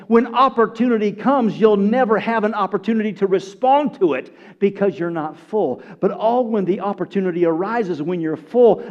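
A pastor preaching a sermon to his congregation. He swings between loud, raised bursts and hushed, low phrases, and calls out to the listeners. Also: lo-fi sound.

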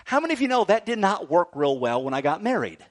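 A middle-aged man preaching with a high, bouncy voice that swings freely up and down. He keeps it light and joking, tossing "right?" to his listeners between points. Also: quick pace. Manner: animated, jokey preaching with frequent "right?" asides. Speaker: pastor. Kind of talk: sermon.

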